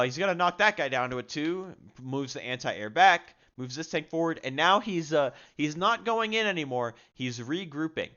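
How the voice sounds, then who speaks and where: A man's voice: medium pitch, a bit bright, smooth. Chatty young man commentating a strategy game. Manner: chatty, frequent fillers, self-deprecating. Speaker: gaming video creator. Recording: slightly dull lo-fi audio.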